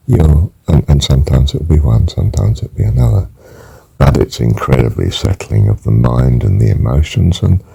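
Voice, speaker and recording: An older man teaching a guided breathing meditation, counting breaths gently and softly, sometimes near a whisper. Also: rumbling low, poor audio. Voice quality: gravelly, husky voice. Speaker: spiritual teacher.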